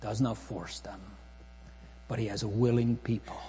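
A man preaching a solemn sermon, slow and measured, rising to emphatic phrases and sinking almost to a whisper. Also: fairly low pitch, flat delivery, warm tone. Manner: slow, solemn preaching with long pauses, swelling and dropping to near-whisper. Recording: long hall reverb, faint mains hum.

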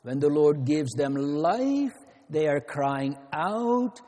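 Slow, mellow preacher in an echoing hall. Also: male voice, on the high side, animated. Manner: slow, earnest preaching with repeated phrases and emphatic rises. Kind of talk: sermon. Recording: long hall reverb.

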